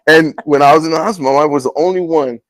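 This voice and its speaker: Fields: Sex: man. Role: talk show host. Style: casual testimony chat. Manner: earnest, halting, acts out quotes. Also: a little high, no room sound, poor audio. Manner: earnest, halting storytelling with restarts.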